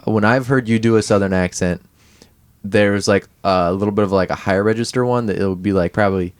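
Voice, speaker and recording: A man co-hosting a podcast in casual comedic chat, halting and thinking aloud with many fillers. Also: on the low side, smooth, no room sound. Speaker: podcast co-host.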